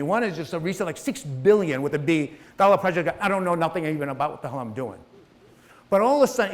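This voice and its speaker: A middle-aged man giving a motivational stage talk to a live audience, emphatic and repetitive, speaking straight to the crowd. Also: on the high side. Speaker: guest speaker. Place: event hall with live audience.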